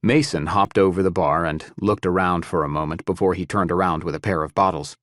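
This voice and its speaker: This is scripted audiobook narration by a man with a very deep voice, read steadily and in a measured way. The audio is dry and close-miked, with no room sound.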